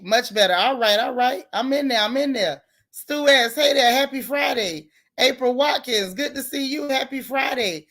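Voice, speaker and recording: A woman's voice: fairly high pitch, fairly bright tone. A woman hosting a casual livestream, chatting with viewers by name and joking about the news in slang. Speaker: livestream host.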